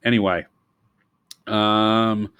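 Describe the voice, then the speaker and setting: Male teacher, low voice, dry close sound, chatty lecturing full of asides. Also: little pitch movement, drawn-out words, a bit bright, smooth, no room sound. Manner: rambling, digressive asides. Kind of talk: recorded history lecture.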